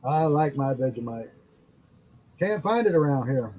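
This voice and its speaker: An older man calling into a casual chat, gruff and plain-spoken, lecturing in a matter-of-fact way. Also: mid-range voice, expressive, unhurried, darkish tone, slight background noise. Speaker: caller, former police officer and gunsmith. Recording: dull lo-fi sound.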